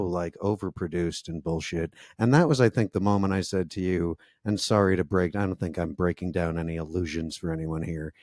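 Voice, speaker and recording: A man co-hosting a podcast, recapping a reality show in a sarcastic, animated way with frequent laughs. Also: low voice, dry recording, clean studio sound. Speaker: podcast co-host. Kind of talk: casual recap chat.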